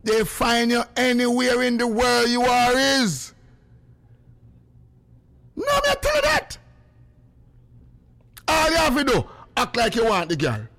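A middle-aged man with a Jamaican accent, chatting casually as a radio host in patois, now and then breaking into song or a shout. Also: very high-pitched, slow pace, long pauses. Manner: patois, animated, bursts into singing and shouting.

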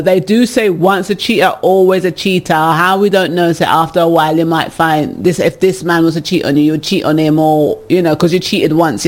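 A man hosting a casual advice show, reading listener letters and giving frank opinions, laughing often. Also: sits high.

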